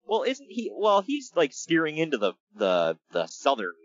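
A man co-hosting a casual podcast, his pitch swinging widely as he rants, sounding exasperated and breaking into laughs. The recording is dry and a little dull, as from a close home mic. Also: moderate pace, no room sound. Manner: animated, exasperated, laughs often. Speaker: podcast co-host. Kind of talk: casual wrestling podcast chat.

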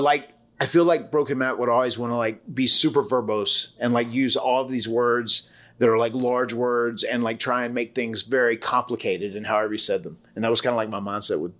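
A man's voice: lowish voice, fairly bright tone. A man in his forties with a Southern US accent, co-hosting a casual podcast and telling rambling stories full of quoted voices and restarts. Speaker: wrestler and podcast co-host.

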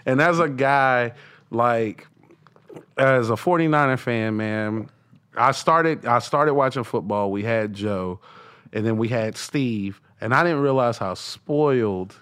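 A man's voice: medium pitch, takes it slowly, a bit bright, smooth. A man who does stand-up, a podcast guest chatting casually and laughing often. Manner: laughs often, rambling sports talk. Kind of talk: casual chat.

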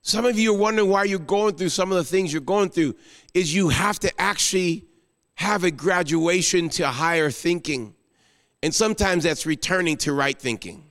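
A man's voice: sits high, moderate pace. Emotional preacher man in a reverberant hall. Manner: emotional, rising to exclamations then dropping soft into prayer. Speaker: guest pastor. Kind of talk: sermon.

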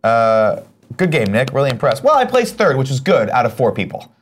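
A man's voice: mid-range voice, brisk, slight background noise. A man hosting a casual morning show, joking around and reading viewer comments aloud. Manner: joking, animated, swings into silly voices.

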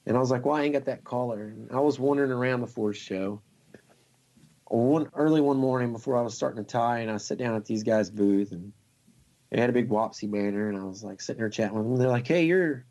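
A man, a fly tier, telling a long story in a casual, excited, rambling way and laughing often. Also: mid-range voice, fast talker, muffled recording.

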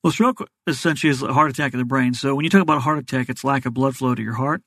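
A man's voice: mid-range voice, fairly bright tone, dry recording. A man, a doctor as a guest, explaining health matters in plain, practical terms. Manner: fast, plain-spoken explainer. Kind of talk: explanatory interview answers.

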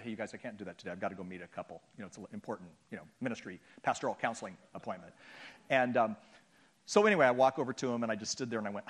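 A middle-aged man speaking to a church audience, telling a humorous, self-deprecating story and acting out the people in it. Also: mid-range voice. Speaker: guest speaker and author. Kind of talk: storytelling sermon talk.

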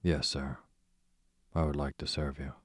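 A man reading an audiobook, voicing a timid young boy who answers in a soft, deferential murmur. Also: a bass voice, level tone, unhurried, no room sound, studio quality, heavily acted.

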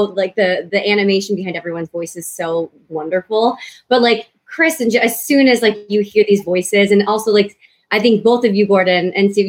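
Young woman, bubbly and gushing, video call mic. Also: medium pitch. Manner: bubbly, gushing, filler-heavy. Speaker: voice actor. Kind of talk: casual chat.

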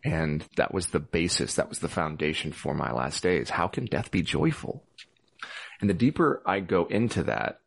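A man's voice: low voice, very animated, normal speed, vocal fry, breathy edge. A man in adult years, a podcast guest, explaining his views thoughtfully in a reflective conversation.

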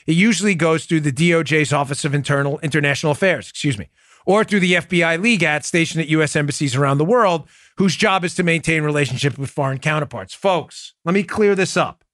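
A man's voice: a little high, quick pace, fairly bright tone, no room sound, studio quality. A man hosting a political podcast, delivering heated commentary in a combative, incredulous way. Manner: combative, incredulous, rising to indignant outbursts.

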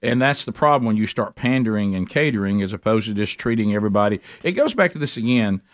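A man's voice: on the low side, lively intonation, fast, no room sound, studio quality. A middle-aged man hosting a radio talk show, talking emphatically with many restarts. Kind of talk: casual talk radio chat.

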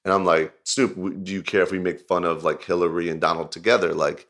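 Low-voiced man telling a rambling story. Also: fast. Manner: rambling, filler-heavy storytelling with frequent "like"; animated, laughing retelling. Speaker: music video director. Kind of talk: casual anecdote in an interview.

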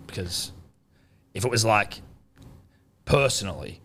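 A man's voice: fairly low pitch, unhurried, long pauses, a bit bright, a little hiss or hum. A young Australian man hosting a casual sports chat, blunt, sweary and joking. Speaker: podcast host.

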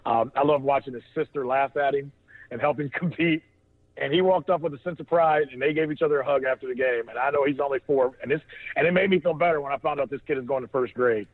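A man's voice: medium pitch, fast. Man rambling over a tinny phone line. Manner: rambling, with many restarts and laughter. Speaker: podcast co-host on a phone line. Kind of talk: casual storytelling chat.

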